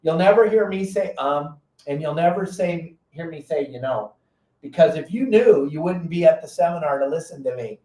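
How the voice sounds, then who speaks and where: This brash podcast guest, voice pitched a bit high, recounts fishing show stories with force and bluntness, his intonation lively and his pace moderate. Echo fills the room, and the mic sits some distance away.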